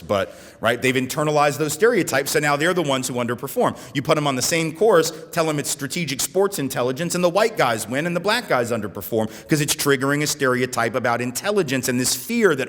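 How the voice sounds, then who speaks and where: American man, keynote speaker, animated, gestures as he talks, keeps asking "right?", middle pitch, long hall reverb. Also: a little fast, hardly any pauses. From United States. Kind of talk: conference keynote lecture. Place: conference hall in front of an audience.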